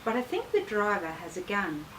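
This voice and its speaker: A woman reading the lines of a calm, easygoing male travel companion in a slow, soft voice, from a distant mic. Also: high voice, a little hiss or hum, full character voice. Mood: hushed.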